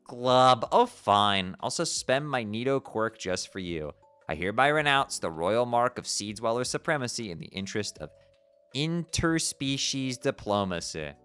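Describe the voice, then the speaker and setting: Man voicing a playful royal sea-troll girl; lively, sing-song delivery, glubs a lot, soft music bed. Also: medium pitch, normal speed, clean tone, natural voice. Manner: perky, playful, drops "glub" into speech. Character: bubbly regal teen alien sea-troll princess. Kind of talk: reading a webcomic aloud.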